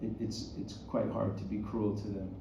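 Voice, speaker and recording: A man speaking as an actor at a post-screening talkback, reflective and halting, telling anecdotes. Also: lowish voice, level tone, vocal fry, noisy background. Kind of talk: live stage interview. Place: theater auditorium. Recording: echoey, dull, distant theater audio.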